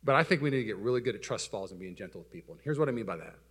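Racing through his sermon, a young adult pastor tells self-deprecating stories, his delivery shifting from loud excitement to quiet, low asides.

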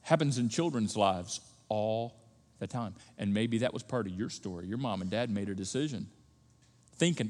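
A man preaching a sermon as pastor, conversational and lively, acting out little asides. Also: fairly low pitch, normal speed. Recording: long church hall reverb.

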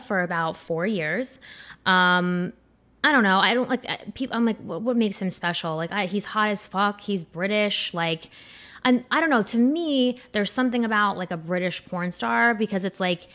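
A woman's voice: mid-range voice, fairly bright tone. A young woman giving a casual, rambling countdown commentary, crude and full of fillers like "like" and "um". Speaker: commentator ranking adult performers.

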